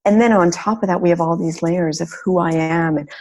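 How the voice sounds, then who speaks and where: A woman's voice: lowish voice, steady tone, brisk, a little mellow. A woman hosting a podcast interview, speaking in an earnest, reflective way. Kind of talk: conversational interview.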